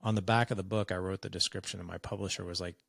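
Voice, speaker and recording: A man's voice: low-pitched, steady tone, fast talker, vocal fry, fairly bright tone, dry recording, studio quality. A man in his forties, a podcast guest, telling a personal story in a frank, conversational way and acting out the dialogue. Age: 40s.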